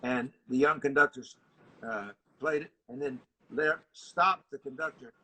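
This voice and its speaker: A man's voice: medium pitch, unhurried, sharp tone, husky. An older man coaching a horn player over a video call in a masterclass, singing rhythms in scat syllables. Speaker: horn teacher.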